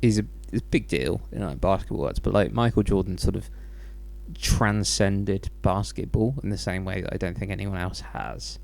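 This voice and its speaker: Young English male host, dry and crude, relaxed banter. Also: deep voice, moderate pace, vocal fry. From England. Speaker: podcast host. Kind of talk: casual chat.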